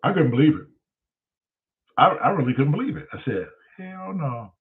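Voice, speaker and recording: A man's voice: mid-range voice, fairly quick. A man telling a casual, profane story as the host of a talk show, acting out every voice. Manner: profane, animated storyteller who acts out the voices. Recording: tinny phone-like sound.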